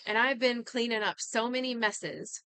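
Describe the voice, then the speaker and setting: A woman's voice: a little high, normal speed, sharp tone, clear, resonant tone, dry recording. A woman giving an earnest, casual talk on healing and inherited patterns, full of conversational asides.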